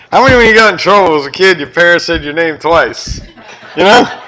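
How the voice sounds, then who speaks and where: An older man with a Southern US accent preaching a sermon, animated and joking with his congregation. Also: on the high side, fairly quick, slight background noise, low-quality recording. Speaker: pastor.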